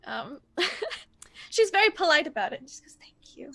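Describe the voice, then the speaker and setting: A woman playing a tabletop role-playing game with soft, amused remarks. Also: very high-pitched, big pitch swings, measured pace, vocal fry. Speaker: player.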